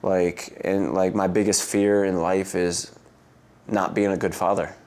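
An American man in his thirties, a guest in a casual interview, telling stories in a loose, chatty way and acting out other people's lines in a higher voice, with frequent laughs. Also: unhurried. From United States. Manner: animated storyteller who acts out quotes with a jump in pitch.

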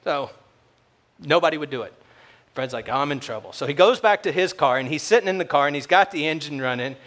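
A man's voice: on the high side, lively intonation, fast, a bit bright. A man preaching a sermon as pastor, telling stories in a conversational way and acting out the voices of the people in them. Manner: conversational storytelling, acts out quoted voices.

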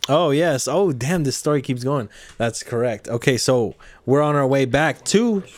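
A man's voice: mid-range voice, expressive, moderate pace. A man telling a profane, rambling story in casual chat, often restarting his sentences.

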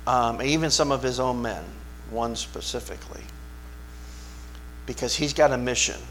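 A man preaching a sermon as pastor, talking conversationally and asking his listeners questions, swinging from hushed asides to loud, emphatic bursts. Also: medium pitch, moderate pace, slight background noise. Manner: conversational, asks the congregation questions.

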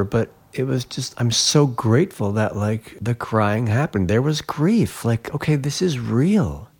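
A man's voice: medium pitch, animated, measured pace, few pauses, darkish tone, husky. A man, a glassblower and interview guest, telling a personal story in an earnest, reflective way that livens up when he retells events.

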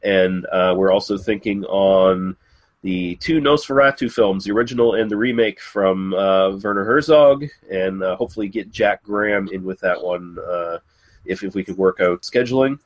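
A man's voice: sits low, moderate pace. A man hosting a film podcast, chatting casually with many filler words. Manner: easygoing, frequent uh fillers. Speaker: podcast host.

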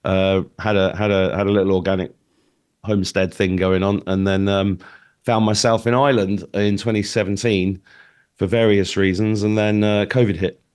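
A man's voice: on the low side, level tone, moderate pace, a little mellow, clear, resonant tone. A man in his fifties, a guest in a casual interview, telling stories in a rambling way with many fillers and restarts.

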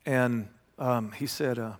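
A pastor preaching a sermon, telling stories and building to loud, emphatic passages. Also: male voice, mid-range voice, steady tone, slow pace. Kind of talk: sermon with storytelling. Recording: long hall reverb.

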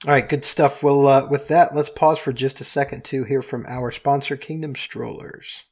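A man's voice: mid-range voice, steady tone, moderate pace, a little mellow. Easygoing male podcast host. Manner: hedging, thinks aloud with restarts. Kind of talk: casual podcast chat.

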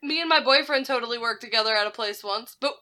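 A woman casually telling a story on a podcast, animated, laughing and swearing freely. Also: fairly high pitch, quick pace. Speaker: podcast co-host.

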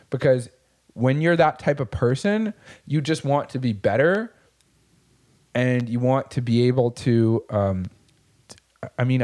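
A man's voice: medium pitch, a little mellow. A man in casual chat, talking in a profane, impassioned, motivational way about growth through hard times. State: tearing up.

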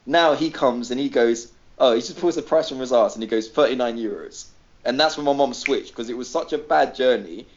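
A man's voice: mid-range voice, brisk, dull audio. A man from Greece, a regular on a podcast, telling a story in casual chat, swearing freely and acting out the people he quotes.

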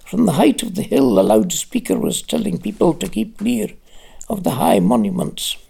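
Audiobook narrator, dark husky gravelly voice, lots of melody. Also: mid-range voice. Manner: measured, expressive reading.

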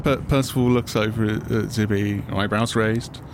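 A man's voice: lowish voice, steady tone, normal speed, noisy background. A man playing in a tabletop role-play game, talking hesitantly with fillers and restarts. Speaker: player.

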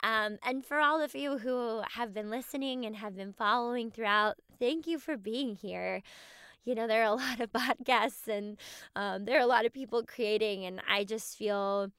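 A woman podcast host giving a heartfelt, emotional farewell to her listeners, halting with many restarts. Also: a little high, fairly bright tone, clear, resonant tone, no echo, clean studio sound.

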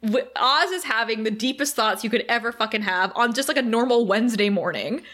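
A woman's voice: fairly high pitch, a little fast, fairly bright tone. A woman co-hosting a casual TV recap chat, giggly and enthusiastic, swearing casually. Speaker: podcast co-host.

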